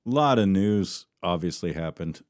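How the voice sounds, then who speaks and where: Low-voiced man, rambling podcast host. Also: lively intonation, a little slow, no room sound, clean studio sound. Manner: rambling, laughs often, trails off. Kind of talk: casual chat.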